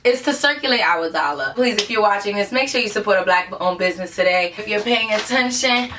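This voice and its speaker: A woman hosting an upbeat vlog countdown, talking in an enthusiastic, conversational way and giving lots of shout-outs. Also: medium pitch, lively intonation, fairly quick, far from the mic, noisy background. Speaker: host of a countdown show.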